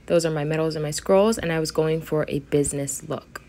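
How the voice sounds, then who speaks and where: A young woman chatting casually to her camera as a vlogger, excited and full of fillers. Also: deep voice, brisk. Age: young adult. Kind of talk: casual vlog talk to camera. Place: in a car, then on a college campus.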